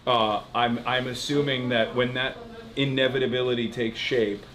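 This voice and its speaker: A man's voice: mid-range voice, steady tone, normal speed, fairly bright tone. A man talking politics in a dry, sardonic way during a casual conversation. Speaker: interviewer.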